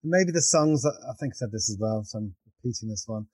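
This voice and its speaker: A man's voice: lowish voice, animated, fast talker, a little mellow, no echo. Guy on a podcast, kinda hesitant, keeps restarting, dry close sound. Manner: hesitant, self-correcting. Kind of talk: casual chat.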